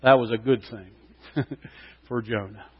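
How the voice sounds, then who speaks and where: A man pastor preaching a sermon, impassioned and swelling loud at key points. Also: mid-range voice, fairly even intonation, slow pace, breathy edge. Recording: long hall reverb, dull lo-fi sound.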